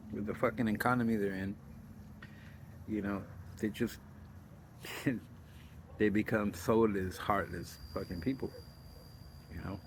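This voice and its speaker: A man's voice: lowish voice, slight background noise, rough recording. A middle-aged man talking in a blunt, profane, rambling way, telling stories casually on his own show. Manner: blunt and profane, trailing off and restarting. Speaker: host of a self interview.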